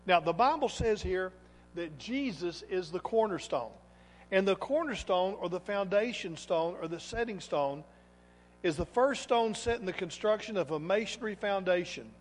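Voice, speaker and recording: High-voiced preacher in a reverberant hall. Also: male voice, expressive, normal speed. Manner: emphatic, swings between loud exhortation and quiet asides. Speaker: pastor. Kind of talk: sermon. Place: church sanctuary.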